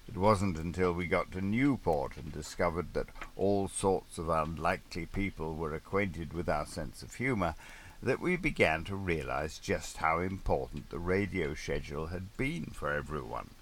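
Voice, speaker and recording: A man's voice: sits low, a bit bright. A man narrating a sailing memoir as an audiobook, with dry, wry understatement.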